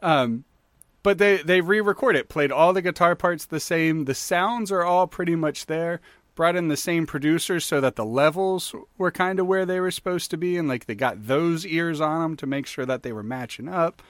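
A man's voice: on the high side, moderate pace, no room sound. Rambling man on a podcast, dry sound. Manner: rambling, animated storyteller with many fillers. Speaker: podcast co-host. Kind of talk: casual chat.

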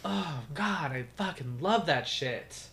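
A man's voice: on the high side, expressive, slow, creaky, fairly bright tone. A young man co-hosting a podcast, chatting casually in a sassy, profane, teasing way. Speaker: podcast co-host. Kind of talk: casual chat.

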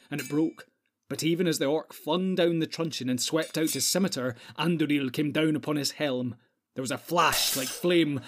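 A man narrating a fantasy audiobook in a steady, measured storytelling manner, with a husky voice. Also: on the high side, a little hiss or hum.

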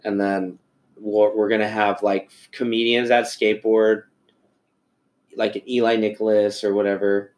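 A man's voice: lowish voice, a little slow. A man chatting casually on a podcast, telling stories and acting out friends' lines, swearing freely. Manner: profane, animated storytelling with quoted voices. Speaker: podcast host. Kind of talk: casual chat.

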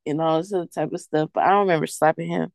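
A woman's voice: low-pitched, fairly even intonation, rapid-fire, vocal fry, a little mellow, no room sound. Young woman rambling through a story. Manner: rambling storytelling with many likes. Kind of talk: casual podcast chat.

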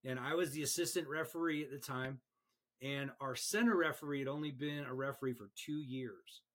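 A man who referees, chatting on a podcast and telling stories in an animated way, often repeating words as he goes. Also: mid-range voice, a little fast. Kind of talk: casual podcast chat.

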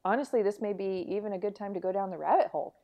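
Woman, young adult, podcast co-host, middle pitch, chatty, agreeable. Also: very fast, dark tone. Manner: chatty, agreeable, many fillers like "like". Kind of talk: casual podcast chat.

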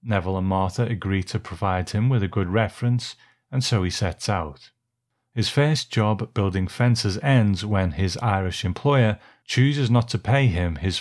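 A man co-hosting a film podcast, easygoing and quick to laugh as he recaps a film's plot. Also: fairly low pitch. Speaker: podcast co-host. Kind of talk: casual chat and reading a plot summary.

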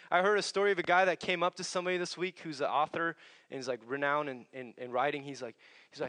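A young man preaching a sermon in an earnest, conversational way, often dropping to a hushed voice as he tells stories. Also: fairly high pitch, steady tone, quick pace. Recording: long hall reverb.

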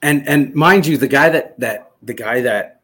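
A man in his thirties from Michigan, a former soldier, telling a story as a podcast guest in an animated, excited way, swearing freely. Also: mid-range voice, a little slow, husky. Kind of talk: casual storytelling interview.

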